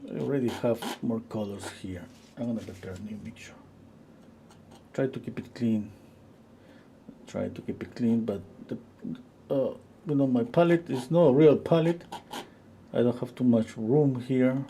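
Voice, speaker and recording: A man with a southern Spanish accent gives a live painting lesson in a mellow, darker voice. He talks in a relaxed, halting way while he mixes paint. A faint hiss of noise sits under his voice. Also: mid-range voice. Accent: Spanish, southern Spain. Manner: relaxed, halting, thinks aloud while painting and reads viewer comments. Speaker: painting instructor.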